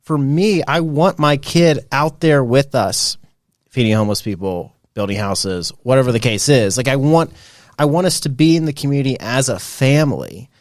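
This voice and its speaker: A man in his thirties hosting a podcast in casual chat. He talks in an animated way, with lots of fillers, and laughs often. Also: mid-range voice, moderate pace, no echo, clean studio sound. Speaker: podcast host.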